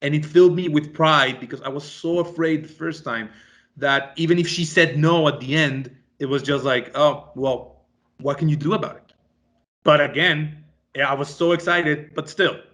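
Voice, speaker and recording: A young man giving a storytelling talk to an audience, animated and acting out the dialogue he quotes. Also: on the high side, moderate pace. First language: Spanish. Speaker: speaker.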